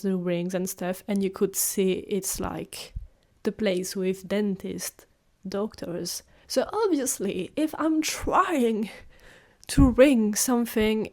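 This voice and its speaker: A woman in her twenties, a native French speaker, hosting a podcast and telling personal stories in a casual, animated way, acting out what she said. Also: mid-range voice. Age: 20s. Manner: animated, acts out her own quoted lines. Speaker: podcast host. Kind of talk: casual storytelling monologue.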